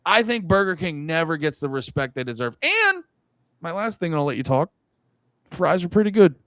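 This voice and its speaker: A young man co-hosting a podcast, speaking a little higher than most men into a dry, close microphone. His talk is loose and profane, full of restarts and rambling asides. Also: big pitch swings, normal speed, fairly bright tone, no echo. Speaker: podcast co-host. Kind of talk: casual chat.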